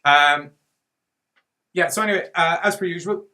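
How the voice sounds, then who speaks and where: A man's voice: on the high side, normal speed, pushed and bright. A man co-hosting a podcast in casual chat, rambling and jokey, swearing freely. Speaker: podcast co-host.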